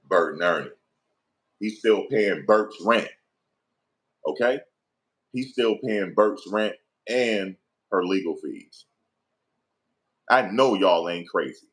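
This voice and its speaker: A man's voice: on the low side, expressive, a little slow, pauses often. A middle-aged man, giving heated opinion commentary in an emphatic, profane, repetitive rant.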